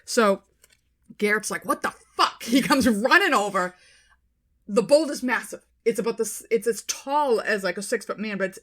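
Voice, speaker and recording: Female podcast co-host, casual storyteller, animated, salty language. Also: on the high side, moderate pace. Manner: animated retelling, swearing, quoting people in their voices.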